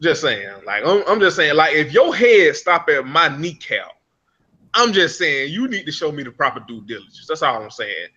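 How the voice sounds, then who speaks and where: A man with a bright, forceful voice, a little higher than most, rambling through a reality-show recap. He swears freely and breaks into laughter. The recording sounds dull and lo-fi. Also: very animated, moderate pace, slightly rough. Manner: rambling, profane, laughs a lot. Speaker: podcast co-host. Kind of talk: casual reality-TV recap chat.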